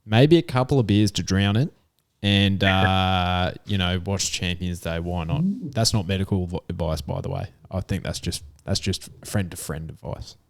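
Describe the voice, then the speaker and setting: A man co-hosting a horse racing podcast, chatting in a relaxed, jokey, slangy way. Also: low-pitched, normal speed, vocal fry. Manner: laid-back, jokey, slangy. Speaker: podcast co-host. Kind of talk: casual racing podcast chat. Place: room at home.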